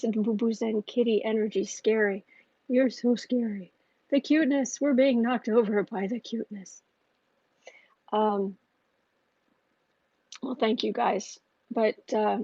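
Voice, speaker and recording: A woman's voice: on the high side, darkish tone, no echo, muffled recording. A woman hosting a casual tarot livestream, rambling and chatty with frequent restarts. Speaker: astrology and tarot livestream host.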